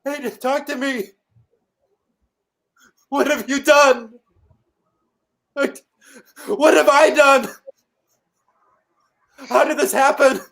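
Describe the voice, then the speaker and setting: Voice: sits high, steady tone, slow pace, creaky, long pauses, fairly bright tone, exaggerated voice. A performer playing an authoritarian father who gives cold, commanding orders in a stage reading. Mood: anguished. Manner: cold and commanding, later anguished. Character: stern father, authoritarian official.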